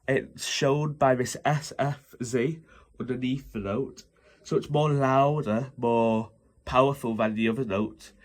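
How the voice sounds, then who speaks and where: A young man talking through music notation in a loose, rambling way, with many fillers and self-corrections. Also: mid-range voice. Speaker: music theory teacher. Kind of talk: casual informal lesson explaining notation.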